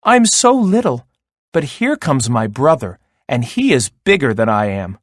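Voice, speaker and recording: A man's voice: mid-range voice, very animated, a little slow, no room sound, studio quality. A man voicing the smallest young billy goat, who speaks in a tiny, pleading voice in a storybook read-aloud.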